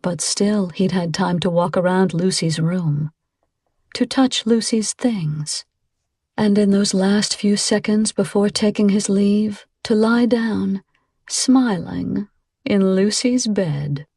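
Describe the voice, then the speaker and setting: A woman narrating an audiobook in a measured, suspenseful reading on a close microphone. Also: mid-range voice, darkish tone, breathy edge, no room sound. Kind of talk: scripted narration.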